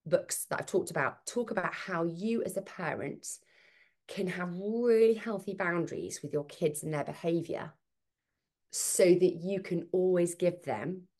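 Lively woman with a low voice. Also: measured pace. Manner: animated, acts out quoted speech. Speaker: podcast guest, author. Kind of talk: conversational interview.

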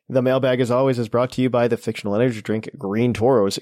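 A man hosting a podcast in casual chat, relaxed and rambling with plenty of fillers. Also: medium pitch, fast talker, faint music behind. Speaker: podcast host.

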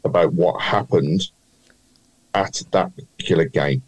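A man's voice: deep voice, a little slow, slightly rough, dry recording, low-quality recording. A man with a Birmingham accent hosting a football quiz on a casual podcast, stretching out his clues and teasing the panel. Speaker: quiz host.

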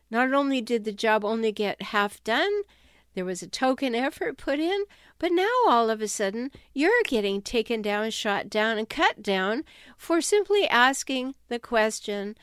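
A woman's voice: fairly high pitch, fairly bright tone, clean tone, no room sound, clean studio sound. A woman author speaking directly to her listeners in a wry, conversational way, with the odd uneasy laugh. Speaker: self-help author and speaker. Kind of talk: conversational talk to camera or listeners.

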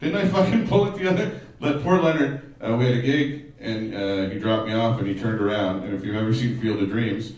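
A man's voice: fairly low pitch, fairly quick, few pauses, darkish tone. A man, a comedian, bantering and teasing on a live podcast with loads of swearing and mock drama. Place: live venue with audience. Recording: echoey room, distant mic, crowd.

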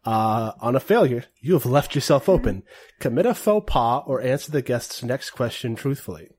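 A man's voice: mid-range voice, animated, moderate pace, darkish tone, husky. A man narrating and running a tabletop role-playing game in a casual, hesitant way. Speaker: game master.

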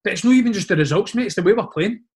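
A Scottish man with a fairly high voice fires off animated dressing-room stories at a rapid clip. It's a casual storytelling chat in the style of a former footballer talking to a mate, with "mate" and "like" turning up in nearly every line.

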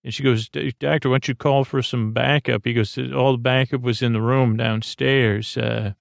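A man hosting a bedtime podcast, retelling a TV episode in a meandering, halting way full of ums and restarts. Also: steady tone, gravelly, no echo. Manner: low-key, unhurried. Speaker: podcast host.

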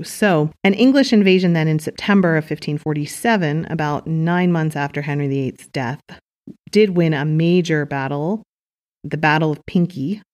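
A woman's voice: sits low, a little mellow. A woman narrating history in an informal way, with wry, chatty asides.

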